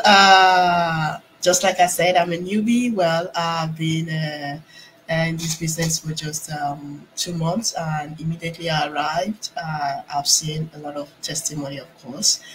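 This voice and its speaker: A woman who is new to a business gives a short, hesitant testimonial in an online chat, halting often with fillers. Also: sits low, steady tone, slight background noise, poor audio. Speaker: newcomer to a business.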